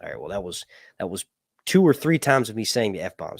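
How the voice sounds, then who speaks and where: Creaky and husky, this lowish male voice is very animated and a little fast, captured dry at studio quality. The speaker hosts a casual livestream Q&A, meandering through fantasy lore with casual swearing and frequent "right?"s.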